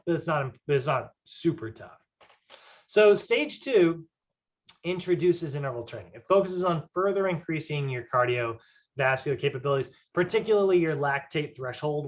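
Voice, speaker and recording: A man's voice: medium pitch, fairly bright tone. A man teaching a fitness class in a casual, conversational way, often checking in with "right?". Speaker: fitness instructor. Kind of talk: classroom lecture. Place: classroom with whiteboard. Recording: dull lo-fi classroom recording.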